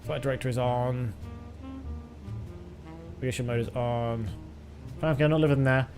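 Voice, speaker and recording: A man's voice: medium pitch, steady tone, normal speed, darkish tone, faint music behind. A young British man chatting casually with his live chat while flying a simulator, rambling and laughing often. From Britain. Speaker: flight sim streamer.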